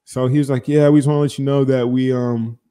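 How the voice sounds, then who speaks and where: A young man hosting a podcast, telling a story in casual chat, animated and profane, acting out both sides of phone calls. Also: medium pitch, fast talker, smooth. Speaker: podcast host.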